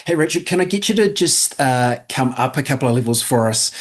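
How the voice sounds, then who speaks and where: A man hosts a podcast interview in a relaxed, casual way. He talks at an easy pace and often stops on a hesitant "uh" before he goes on. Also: mid-range voice, a little fast. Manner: easygoing, hesitant with frequent uh fillers. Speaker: podcast host.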